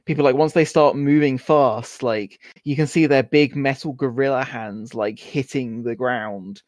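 A man's voice: mid-range voice, unhurried, a little mellow, dry recording, clean studio sound. A man narrating as game master in a casual, rambling way, full of "like" and filler words. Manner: rambling, filler-heavy, giggly.

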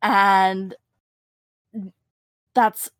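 A woman playing a tabletop game, telling her character's backstory in a slow, laid-back way. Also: medium pitch, fairly even intonation, no room sound. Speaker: player. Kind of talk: tabletop role-play.

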